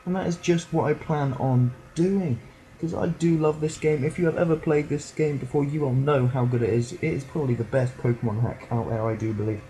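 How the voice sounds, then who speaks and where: A teenage boy rambles and jokes through a let's play, doing silly voices for the game characters. His voice is mellow, mid-range, and fairly quick, and the audio is poor and slightly distant at times.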